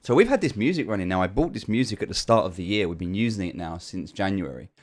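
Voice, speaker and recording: A man's voice: sits low, lively intonation, fast talker. A man with a British accent hosting a live stream, chatting casually and greeting viewers one by one by name. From United Kingdom. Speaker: stream host.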